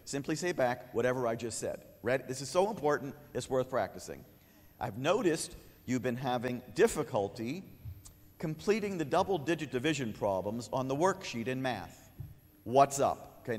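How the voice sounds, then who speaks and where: A man's voice: mid-range voice, a little fast. A man giving a conference lecture, joking with the audience and acting out a kid's replies. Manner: humorous, animated, acts out a kid's lines. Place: conference hall. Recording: long hall reverb.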